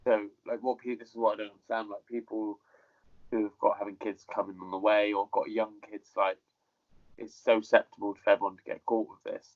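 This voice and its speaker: A man who is a mixed martial arts fighter, chatting as an interview guest over a video call, relaxed, swearing casually and repeating his words. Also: fairly low pitch, brisk, muffled recording.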